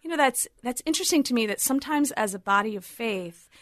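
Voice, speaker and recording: Brief: middle-aged woman guest, animated storyteller, higher voice, dry close mic. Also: no echo. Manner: lively, quick storyteller with quoted asides. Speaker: guest, theater educator. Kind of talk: animated storytelling in a talk show.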